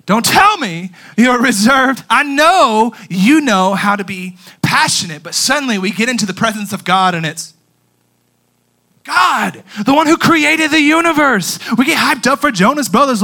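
A young man preaching a sermon as a youth pastor, animated, swinging between quiet and loud with emphatic pauses. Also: high voice.

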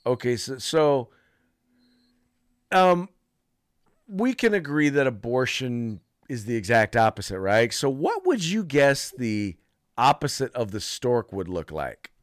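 A man's voice: medium pitch, big pitch swings, slow pace, no room sound, studio quality. A man co-hosting a casual political talk podcast, who laughs often and repeats himself. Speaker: podcast co-host.

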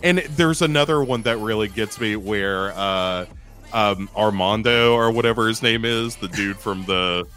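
A man with a fairly low voice picks apart a movie in relaxed podcast talk. He stumbles and restarts, then jumps up in pitch to hammer a point. Soft music hums underneath. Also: a little slow. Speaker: podcast co-host. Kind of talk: casual movie review chat.

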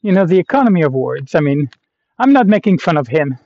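A man's voice: on the high side, sing-song, fast talker, darkish tone, no room sound. A man from Canada talking to the camera while walking a long trail, rambling in a reflective way with many fillers and restarts. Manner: reflective and self-aware. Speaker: vlogger walking a long-distance pilgrimage trail. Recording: dull lo-fi recording.

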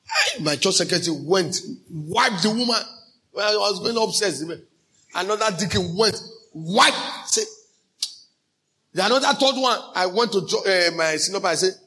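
A male pastor with a Nigerian accent preaching a sermon, slipping into pidgin phrases and breaking into shouted emphasis. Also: sits high, expressive, normal speed.

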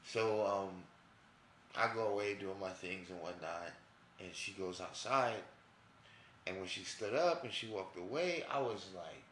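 A man's voice: deep voice, a little slow, a bit bright, roomy sound, a little hiss or hum. A man from New York with a New York accent, telling a personal story in a loose, rambling, profane way full of fillers. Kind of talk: casual storytelling.

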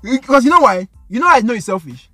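A man's voice: extremely high pitch, fast talker, over music. A man with a Nigerian accent, co-hosting a podcast in casual, slangy chat that slips into pidgin. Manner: animated, slangy, mixes in pidgin. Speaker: podcast co-host.

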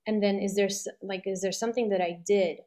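A woman's voice: mid-range voice, steady tone, fast, dark tone. Chatty, reflective woman. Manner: rambling and reflective, many fillers, laughs often. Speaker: guest sharing a personal story. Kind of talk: casual conversation.

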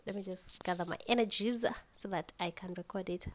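A woman's voice: medium pitch, a little fast, few pauses, a little hiss or hum. A tired young woman with a Kenyan accent hosts a casual solo podcast, rambling, yawning and swearing freely as she switches between English and Swahili. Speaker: podcast host.

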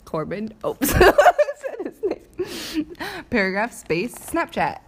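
A woman's voice: mid-range voice, sing-song, measured pace, hardly any pauses, husky. A young woman co-hosting a podcast in casual chat, giggly and brash, swearing freely. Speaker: podcast co-host.

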